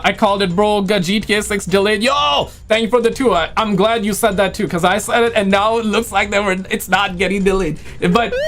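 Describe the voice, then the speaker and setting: A man hosting a casual live stream, rambling excitedly and chatting with viewers while saying he is losing his voice. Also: high voice. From Quebec, Canada. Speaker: livestream host.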